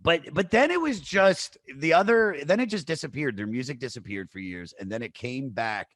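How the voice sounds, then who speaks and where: A man in his thirties hosting a podcast, telling a crude, animated story full of fillers. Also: mid-range voice, moderate pace, dry recording, clean studio sound. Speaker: podcast host. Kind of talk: casual storytelling chat.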